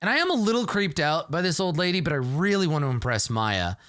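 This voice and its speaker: A man's voice: on the high side, fast talker, no echo, clean studio sound. A man thinking aloud and poking fun at his own bad rolls while he plays a solo tabletop game. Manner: animated, self-deprecating, thinks aloud.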